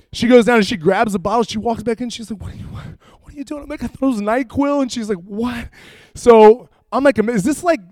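A young man, a youth pastor, preaching and telling a funny personal story with animated, jokey asides. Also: high-pitched, smooth, no echo, clean studio sound.

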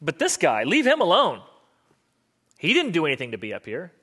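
A man's voice: fairly high pitch, wildly swooping pitch, racing, fairly bright tone, heavily acted. A man, a preacher, voicing a condemned thief who scolds another man and then humbly asks for mercy. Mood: indignant. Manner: indignant, then humbly pleading. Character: condemned male thief, blunt and repentant. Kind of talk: acted quote within a sermon.

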